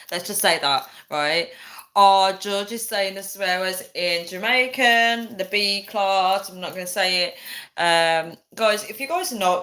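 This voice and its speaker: A woman's voice: medium pitch, fairly bright tone. A young woman hosting a casual livestream, chatting with viewers, reading their comments aloud and laughing often. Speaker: livestream host. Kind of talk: casual live chat with viewers.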